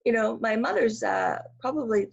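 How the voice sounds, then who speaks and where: Canadian woman guest, gravelly and husky, earnest and deliberate; dull lo-fi call audio. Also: a little high. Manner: earnest, measured, slows down for emphasis. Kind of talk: conversational interview.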